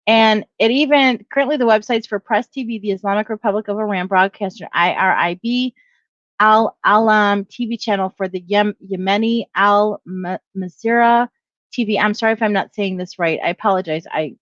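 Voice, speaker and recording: A woman's voice: mid-range voice, normal speed, a bit bright, no echo. Middle-aged woman ranting casually, lots of self-corrections, dry muffled sound. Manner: rambling, self-correcting, reads headlines aloud. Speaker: video blogger. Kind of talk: casual opinion commentary.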